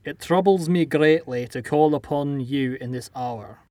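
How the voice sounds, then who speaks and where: A man's voice: a little high, unhurried, a little mellow, dry recording, natural voice. A man putting on a Scottish accent to voice a troubled old king making a stately royal address in a game. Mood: grave, regal. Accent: put-on Scottish.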